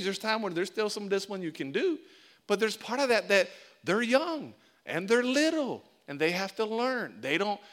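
A man with a high, light voice preaches to his congregation. He is animated and tells stories, slipping into small acted-out scenes to make his point. He talks like a pastor with his people gathered in front of him. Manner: animated storytelling, acts out little scenes. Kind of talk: sermon.

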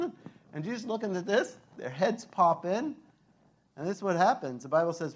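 A male pastor delivers a sermon in a loose, chatty manner, stumbling through "like" and "uh" as he goes. His voice sits a little high for a man, and he gets animated when he acts out scenes, with frequent laughter. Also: brisk. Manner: casual, conversational, many fillers like "like" and "uh".

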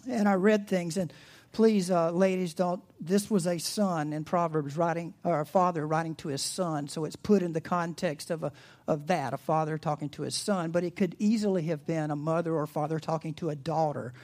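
A pastor preaching a sermon, animated and asking the congregation questions, dropping to a soft, hushed voice in reflective passages. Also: medium pitch, moderate pace.

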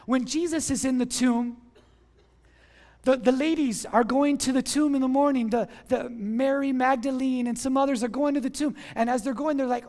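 A pastor preaching a sermon at a church service, impassioned, rising into shouts and calling on the congregation to respond. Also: sits high, normal speed.

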